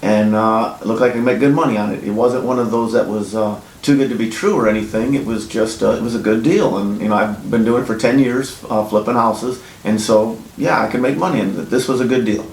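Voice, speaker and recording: A man who flips houses, telling his own story in a blunt, casual, profane way and getting animated when he quotes himself. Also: a little fast, hardly any pauses. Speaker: house flipper. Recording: echoey room with faint rumble.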